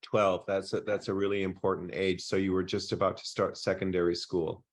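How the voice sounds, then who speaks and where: A man's voice: low voice, little pitch movement, brisk. A man interviewing a guest, asking attentive follow-up questions. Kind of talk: conversational interview.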